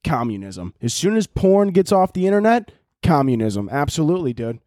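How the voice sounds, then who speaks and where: A man's voice: high-pitched, big pitch swings, a little fast, dark tone, dry recording, studio quality. A man in his twenties with a Chicago accent, ranting profanely and laughing as a solo podcast host. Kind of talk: casual solo podcast rant.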